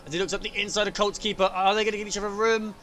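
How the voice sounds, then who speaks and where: A man commentating on an online sim race, getting excited at crashes and overtakes. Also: sits high, rapid-fire, a little hiss or hum. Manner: excitable, rising sharply at incidents.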